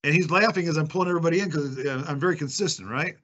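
A man's voice: on the high side, very fast, fairly bright tone, highs cut off. A man telling sales stories in a confident, emphatic way and acting out the dialogue, as a podcast guest. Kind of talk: conversational storytelling.

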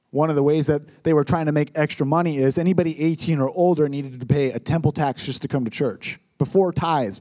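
Young male pastor, high voice, earnest storytelling sermon delivery. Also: a little mellow. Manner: earnest, storytelling, repeats words for emphasis.

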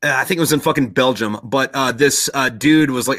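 A man's voice: mid-range voice, fairly quick, hardly any pauses, a bit bright, no room sound. A young man in casual podcast chat, telling a long story in a rambling way, swearing constantly and loosely acting out quotes.

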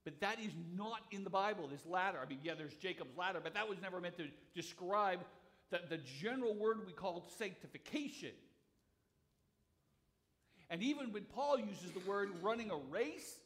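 A man's voice: high voice, expressive, normal speed, fairly bright tone. A man preaching a sermon as a pastor, explaining a text in a conversational way with frequent restarts and repeated words. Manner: conversational, thinks aloud.

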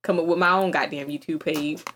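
A woman's voice: low voice, steady tone, fairly quick, fairly bright tone, slight background noise. A woman co-hosting a podcast in casual chat, reacting emphatically and swearing now and then. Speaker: podcast co-host.

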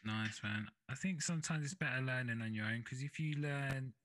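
A man's voice: medium pitch, normal speed, fairly bright tone, low-quality recording. A man hosting a podcast in casual chat, speaking in a laid-back way and often asking "do you know what I mean?". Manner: laid-back, chatty, asks for agreement. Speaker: podcast host.

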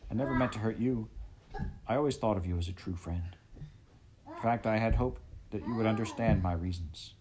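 A man's voice: fairly low pitch, fairly quick, long pauses, background noise, lightly acted. A man voicing a guilty male rabbit traitor who speaks nervously and shakily. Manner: nervous, shaky, apologetic.

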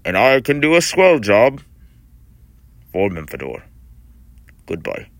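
A man voicing a mysterious masked male villain on an audition tape, with slow, deliberate, ominous pauses. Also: fairly low pitch, wildly swooping pitch, no room sound, full character voice.

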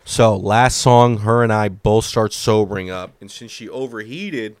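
Speaking a little slowly in a fairly low voice, a thirty-something comedian rambles loosely through funny stories on the podcast he hosts from home. Self-deprecating humor runs through his tales, and the audio is close and dry with no echo.

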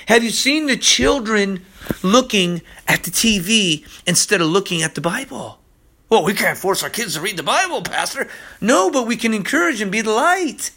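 A man's voice: sits high, bright, forceful tone. A man preaching a podcast sermon, urgent and pleading, who keeps repeating "listen" to his listeners. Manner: impassioned, pleading.

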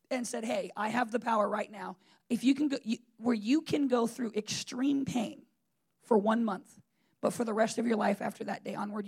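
A man's voice: very high-pitched, gravelly, breathy edge. A man preaching a sermon in a conversational, emphatic way, with frequent fillers and restarts.

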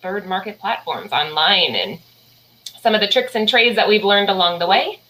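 A woman's voice: mid-range voice, expressive, normal speed, sharp tone, poor audio. A woman hosting a casual podcast, chatty and playful. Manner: chatty, playful, slips into joke accents. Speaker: podcast host. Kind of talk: casual chat.

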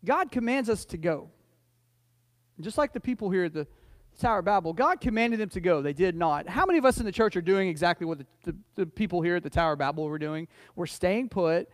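A man's voice: high-pitched, no room sound, clean studio sound. A male pastor preaching a conversational sermon in church. He jokes, tells stories, trips over and repeats his words, and builds to emphatic points. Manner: folksy and joking, restarts and repeats words, rising to emphatic points. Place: church sanctuary.

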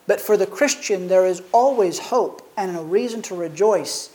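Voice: mid-range voice, moderate pace, dark tone, poor audio. A preacher delivers a sermon in a mid-range voice, reading scripture and then reflecting on it earnestly. The delivery leans on rhetorical questions put to the listeners.

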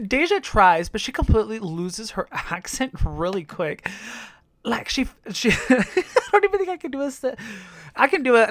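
A woman's voice: mid-range voice, very animated, unhurried, a bit bright, dry recording, clean studio sound. A young woman hosting a casual reaction video, chatty and profane, laughing often.

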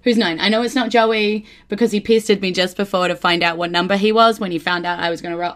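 A woman's voice: mid-range voice, quick pace, few pauses. Bubbly New woman podcaster. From New Zealand. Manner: bubbly, laughs often, gets giddy with excitement. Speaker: podcast host. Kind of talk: casual solo podcast chat.

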